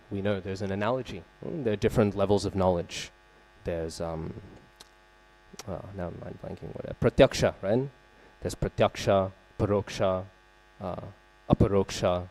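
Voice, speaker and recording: Low, mellow-voiced man giving a temple class. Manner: conversational, frequent "right?" check-ins and fillers; openly searches for names and terms. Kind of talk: scripture class lecture with storytelling. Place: temple hall.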